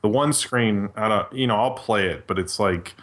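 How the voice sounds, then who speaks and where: A man's voice: on the low side, normal speed, fairly bright tone. A man co-hosting a podcast, chatting casually and telling rambling nostalgic stories. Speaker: podcast co-host.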